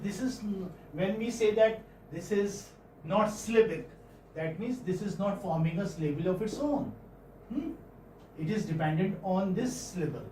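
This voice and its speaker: A man's voice: sits high, warm tone, slight background noise. Patient male phonetics teacher, echoey classroom. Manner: patient, checks in often with "okay?" and "hmm?". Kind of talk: classroom lecture. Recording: echoey classroom, mic far off.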